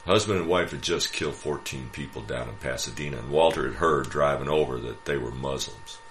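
Man narrator, extremely deep voice, wry storyteller, light hum in the background. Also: brisk, fairly bright tone. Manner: wry, dry humor. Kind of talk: first-person story reading.

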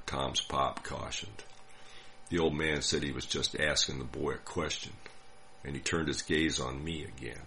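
An older man from the United States telling a personal story in a dry, wry, unhurried way. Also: extremely low pitch, steady tone, vocal fry, bright, forceful tone, a little hiss or hum. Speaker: narrator. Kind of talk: scripted storytelling.

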